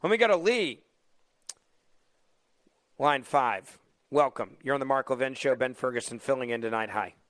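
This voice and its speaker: A man hosting a talk radio show as fill-in, mocking and animated, taking callers. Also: mid-range voice, moderate pace, pauses often, no room sound. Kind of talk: opinionated talk radio monologue. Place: radio studio. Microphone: studio microphone.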